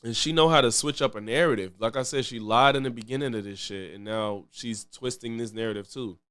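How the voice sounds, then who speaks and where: A man's voice: mid-range voice, a little fast, a bit bright, clean tone. Chatty male streamer reacting to clips. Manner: loose, chatty, repeats himself, thanks chat viewers. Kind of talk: casual live-stream commentary.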